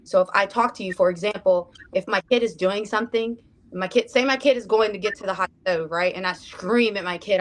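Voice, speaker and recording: A woman's voice: medium pitch, fairly quick. A woman speaking on a roundtable panel, earnest, often checking in with "right?". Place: room with a group.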